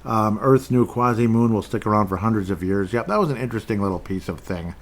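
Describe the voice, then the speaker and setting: A man with a somewhat low voice talks through news items on his own show. He rambles, trips over his words and restarts, and drops dry, sarcastic remarks between points. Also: fast. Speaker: podcast host. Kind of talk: casual solo commentary on headlines and chat comments.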